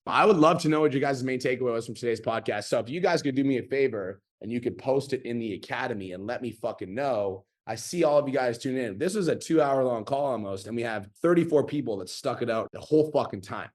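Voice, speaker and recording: A man's voice: medium pitch, fast, hardly any pauses. A man in his thirties coaching a group video call, blunt and profane, talking in a pumped-up motivational way. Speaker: online business coach hosting a group call.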